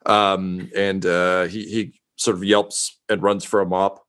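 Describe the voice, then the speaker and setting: Man narrating a tabletop game, halting. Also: sits low, little pitch movement, a bit bright, clear, resonant tone. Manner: halting, full of ums. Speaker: game master.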